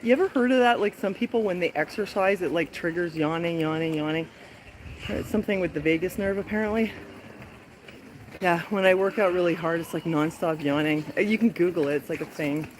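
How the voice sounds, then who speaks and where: A woman's voice: on the low side, brisk, a little hiss or hum. Chatty woman vlogging on an uphill walk. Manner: chatty, breathless from climbing, yawning. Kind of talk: walking travel vlog. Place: outdoors in a hilly lakeside town.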